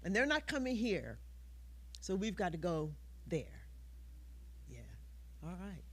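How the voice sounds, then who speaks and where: A woman minister speaking at a church service. She talks with many fillers and pauses. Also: lowish voice, very animated. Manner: slow, warm-hearted, with many fillers. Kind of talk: church announcements.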